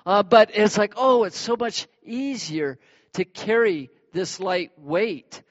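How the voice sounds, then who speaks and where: A male pastor preaching a sermon in a lively, animated way, acting out everyday examples. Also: takes it slowly. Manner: animated, acts out examples with sudden high bursts. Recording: dull sound with long hall reverb.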